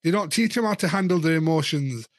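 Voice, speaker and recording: A man's voice: on the high side, expressive, fast, no echo. Frank rambling man, dry close sound. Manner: frank, rambling, repeats words while thinking. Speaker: guest. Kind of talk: casual candid chat.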